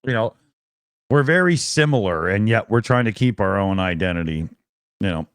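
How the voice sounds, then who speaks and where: A man's voice: fairly low pitch, moderate pace, clean tone, no room sound. A middle-aged Canadian man co-hosting a casual chat, telling stories with laughs and swearing. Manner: animated, laughing, swearing storyteller. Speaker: co-host.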